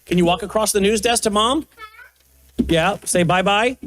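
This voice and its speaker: An older man, the host, gently coaxing and baby-talking with a small child at a studio news desk. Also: high-pitched, normal speed. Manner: soft coaxing baby talk. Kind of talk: casual chat with a toddler on air.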